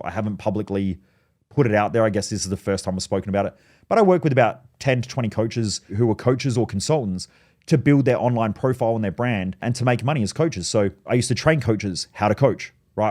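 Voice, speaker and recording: A man, a business coach, telling a story in a blunt, animated way with a lot of swearing. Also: mid-range voice. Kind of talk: casual monologue, storytelling.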